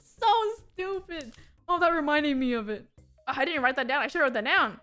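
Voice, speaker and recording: A young woman VTuber chatting casually on stream, telling stories in an animated way with lots of laughter. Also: high voice, normal speed, faint music behind. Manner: animated storytelling with frequent laughter.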